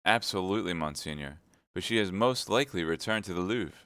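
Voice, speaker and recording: A man's voice: sits low, animated, a little fast, fairly bright tone, dry recording. A man voicing a timid, fawning middle-aged mercer who is eager to please. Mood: meek. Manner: meek and eager to please, turning frantic.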